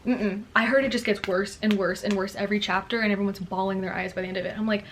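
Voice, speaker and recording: A woman's voice: medium pitch, fairly even intonation, fast talker, hardly any pauses, a little hiss or hum. Bubbly young woman chatting about books. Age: young adult. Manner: bubbly, chatty, lots of "like" and "girlie". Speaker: book vlogger. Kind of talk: casual chat to camera.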